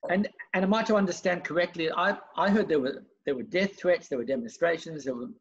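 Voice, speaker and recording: A man's voice: fairly high pitch, brisk, husky, lo-fi sound. A man hosting an interview, asking long rambling questions with frequent hesitations. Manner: hesitant, many fillers and restarts. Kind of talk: conversational interview.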